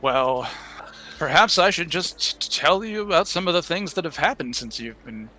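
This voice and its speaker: Man voicing an old priest, gentle, worried, halting, bright raised voice, faint music behind. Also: on the high side, animated. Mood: weary, grave. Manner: halting, many restarts and sighs. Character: elderly male temple priest, gentle, worried. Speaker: game master. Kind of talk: in-character tabletop roleplay.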